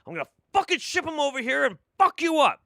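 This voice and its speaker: A man's voice: very high-pitched, very animated, vocal fry, a bit bright, dry recording, studio quality, voice pushed up, full character voice. A man voicing the god Zeus as a petty, vengeful male deity who rants and swears in a rush. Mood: furious. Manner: ranting, swearing, rushed.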